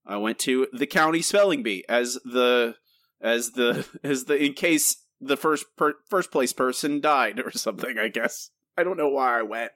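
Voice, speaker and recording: A man's voice: medium pitch, moderate pace, a bit bright, no echo. A man co-hosting a podcast in casual, chatty talk, often laughing. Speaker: podcast co-host. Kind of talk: casual chat.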